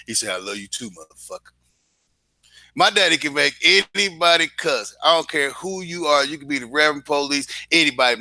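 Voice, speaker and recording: A man from Dayton, Ohio, a stand-up comedian telling a joke story with animated delivery and acted-out voices. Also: a little high, dry recording.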